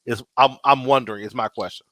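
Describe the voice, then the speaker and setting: A man's voice: medium pitch, steady tone, quick pace, fairly bright tone, no echo. A man co-hosting a podcast, talking things through casually with everyday examples. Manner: reasoning aloud with examples, conversational. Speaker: podcast co-host. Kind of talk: casual chat.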